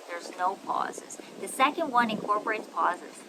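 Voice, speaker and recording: A woman's voice: medium pitch, a little slow. Upbeat woman coaching in a noisy recording, with traffic sounds behind her. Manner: animated and affectionate, with frequent checks for agreement. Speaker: podcast host and communication coach. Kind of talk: coaching monologue.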